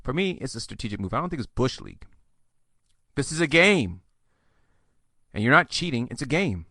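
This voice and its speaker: Chatty bright-voiced man hosting a podcast. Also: mid-range voice, very animated, normal speed, no echo, clean studio sound. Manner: chatty, joking asides, rambling. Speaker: podcast host. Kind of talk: solo podcast advice monologue.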